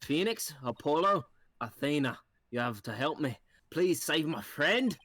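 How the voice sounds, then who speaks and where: Hombre haciendo una pirata alegre y cantarina. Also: male voice, on the high side, animated, unhurried, a bit bright, no room sound. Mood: pleading. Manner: pun-heavy, stumbling over words. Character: perky female pirate-show performer. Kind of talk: amateur game voice dub.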